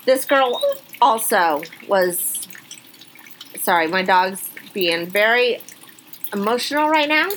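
A woman co-hosting a podcast, chatting casually and reading funny news stories aloud with lively exclamations. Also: mid-range voice, slow, pauses often, a little hiss or hum, rough recording. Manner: chatty, animated, reacts with exclamations. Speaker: podcast co-host.

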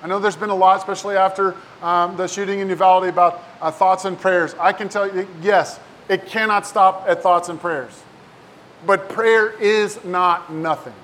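High-voiced man preaching casually. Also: fairly even intonation, normal speed, fairly bright tone, slight background noise. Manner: casual, talks with many rhetorical "right?" and "like" asides. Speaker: pastor. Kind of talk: conversational sermon.

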